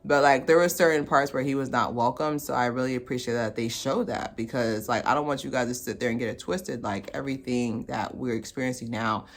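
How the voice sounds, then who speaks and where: A woman giving a casual movie review vlog, animated and slangy, laughing as she talks. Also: extremely low pitch, brisk, hardly any pauses, soft background music.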